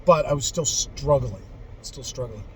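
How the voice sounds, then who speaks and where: A man's voice: mid-range voice, unhurried, slight background noise, rough recording. A man in his forties casually telling a story from his youth, rambling and candid, with frequent swearing and restarts. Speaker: vlogger telling life stories.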